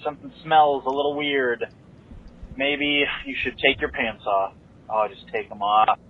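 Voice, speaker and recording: A man leaving a teasing prank voicemail, drawn out and slow. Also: medium pitch, steady tone, a little hiss or hum. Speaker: listener leaving a joke voicemail. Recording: muffled phone-line voicemail.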